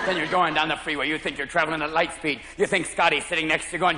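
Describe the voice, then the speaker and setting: A man in his thirties doing live stand-up comedy on an opera house stage, talking in a manic way and jumping rapidly between voices. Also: on the high side, steady tone, over a noisy crowd, very noisy. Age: 30s. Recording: live hall, loud audience laughter.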